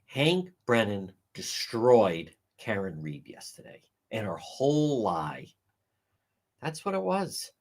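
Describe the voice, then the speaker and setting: A man's voice: fairly low pitch, sing-song, takes it slowly. A man giving blunt, profane, sarcastic live commentary on a livestream, mocking people by acting out what they said. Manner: sarcastic and mocking, acts out others' quotes. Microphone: livestream microphone.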